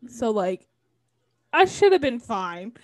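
High lively college-age woman, giggly. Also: slow, slight background noise. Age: young adult. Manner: animated, laughs often while telling a story. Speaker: podcast co-host. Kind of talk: casual storytelling chat.

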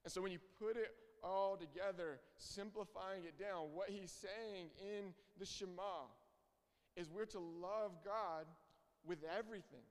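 A man's voice: high-pitched, a little slow. A young man preaching a sermon, earnest and emphatic, repeating his key phrases. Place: church hall. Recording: reverberant hall.

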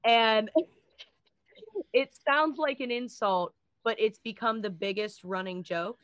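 A woman's voice: a little high, takes it slowly, a bit bright, no room sound, lo-fi sound. A woman sharing a personal story candidly in casual chat, with light laughs along the way.

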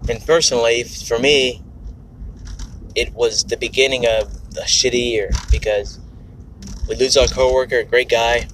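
A man's voice: mid-range voice, fairly even intonation, moderate pace, fairly bright tone, a little hiss or hum. A man venting in a rambling, frank monologue, swearing often and correcting himself as he goes. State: on edge. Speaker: podcast host. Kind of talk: casual personal monologue.

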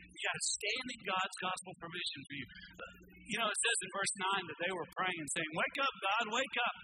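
A man's voice: high-pitched, brisk, heavy background noise. A man preaching a sermon as pastor, emphatic, asking the congregation questions and answering them.

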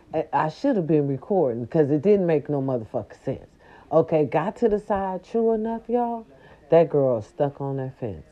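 An older woman telling a story to her viewers in a casual, animated, profane way, with speech. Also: low-pitched. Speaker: storyteller vlogger. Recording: dull lo-fi recording.

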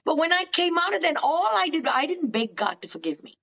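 A woman therapist speaking in an animated, emphatic way about faith, often repeating phrases for stress. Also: very high voice, a little fast, vocal fry, low-quality recording. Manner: animated, acts out dialogues with God. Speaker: cognitive therapist guest. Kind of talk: faith-based counseling talk.

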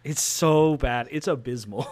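A man's voice: medium pitch, measured pace, darkish tone. A man hosting a casual podcast chat, joking and laughing often as he makes his picks. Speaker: podcast host.

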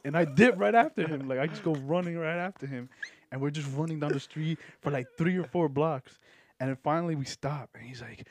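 A man's voice: fairly high pitch, expressive, moderate pace, no echo. A young man on a podcast telling a long, profane story in a rambling, casual way, breaking into laughter now and then. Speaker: podcast guest.

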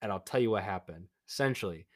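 A young man casually telling a story to a friend, rambling with many fillers and acting out quotes in an animated way. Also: fairly low pitch, quick pace. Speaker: podcast co-host.

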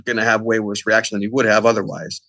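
Brief: middle-aged male podcast guest, quick rambling delivery, dry close mic. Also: fairly low pitch, little pitch movement, sharp tone, no echo. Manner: rambling, lots of fillers and quoted dialogue. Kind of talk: casual storytelling.

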